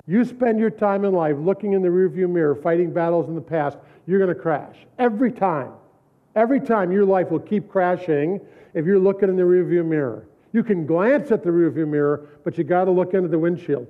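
A man's voice: high-pitched, fairly quick. A middle-aged man preaching a sermon, telling stories from his own life with repeated, emphatic phrases and frequent laughs. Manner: storytelling, repetitive emphatic phrasing, laughs often. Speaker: pastor. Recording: tinny phone-like recording.

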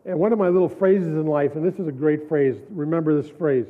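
A middle-aged pastor with a high voice preaches and tells personal stories, hammering home his points through repetition and often breaking into a laugh. The sound is thin and tinny, like it is coming through a phone line. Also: steady tone, fairly quick, few pauses. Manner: storytelling, repetitive emphatic phrasing, laughs often. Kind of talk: sermon.

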